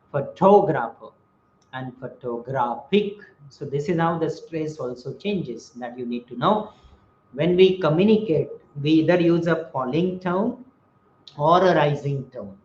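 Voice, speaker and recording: A man gives a webinar lecture on communication and voices example sentences to show rising and falling tones. His voice sits a little high, and it is heard through a dull, echoey computer mic with faint noise behind. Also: darkish tone. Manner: explanatory, gives spoken examples of intonation. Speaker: webinar speaker on communication skills. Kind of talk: lecture on speaking and body language.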